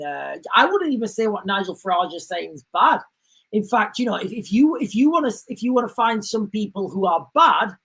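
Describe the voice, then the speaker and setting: A man hosting a casual commentary livestream, rambling, restarting his sentences and calling his viewers guys. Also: sits high. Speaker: livestream host. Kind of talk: casual political commentary stream.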